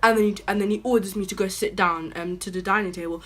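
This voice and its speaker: Bright-voiced chatty young woman. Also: mid-range voice, fast talker, hardly any pauses. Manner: chatty and animated, full of "like" fillers; indignant, rising to outbursts. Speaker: vlogger. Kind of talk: storytime vlog.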